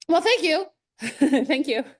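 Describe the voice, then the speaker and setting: A middle-aged woman runs a live sales training webinar, her high-pitched voice lively yet slow-paced. She keeps things upbeat and conversational, sharing personal anecdotes with light laughter.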